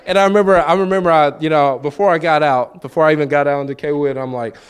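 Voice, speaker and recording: His voice is a little high, steady and clean, and he moves fast. In a conversational sermon the man tells stories, voicing both himself and others in the dialogue, and keeps coming back to key phrases for emphasis.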